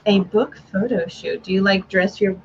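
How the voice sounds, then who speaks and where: A woman's voice: medium pitch, moderate pace, slight background noise. Chatty woman host, mid voice, kinda dull lo-fi stream audio. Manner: chatty, upbeat, lots of "like" fillers. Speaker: livestream host. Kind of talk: casual chat.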